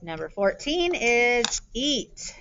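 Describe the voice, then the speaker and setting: A woman teaching spelling to young children, speaking very slowly and sounding out each letter with care. Her voice sits at an ordinary pitch, and the recording is dull and lo-fi. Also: very animated, background noise. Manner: slow, clearly sounded-out words.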